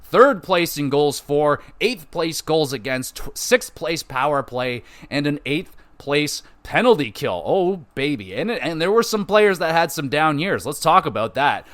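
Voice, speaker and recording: A man hosting a casual solo sports podcast, rambling through stats with frequent swearing and quick self-corrections. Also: on the high side, sing-song, fairly bright tone. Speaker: podcast host.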